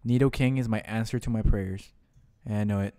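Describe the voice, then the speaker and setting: Excitable young man narrating his gameplay. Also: on the low side, a little fast, no room sound, studio quality. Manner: excitable, says "dude" constantly, yells and laughs at the game. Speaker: gaming channel host. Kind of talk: let's play commentary.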